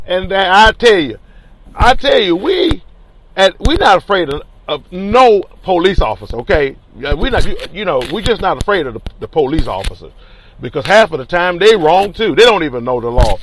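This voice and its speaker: A man, a teachers union leader telling a story in an animated, colloquial and emphatic way. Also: sits high, normal speed, no room sound. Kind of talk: casual spoken storytelling.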